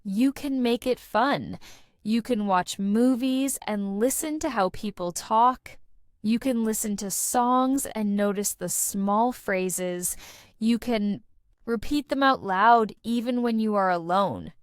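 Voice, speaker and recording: A woman giving a scripted English lesson, speaking in a slow, deliberate teaching manner. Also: a little high, clear, resonant tone, no room sound. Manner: slow, deliberate teaching delivery with lively intonation.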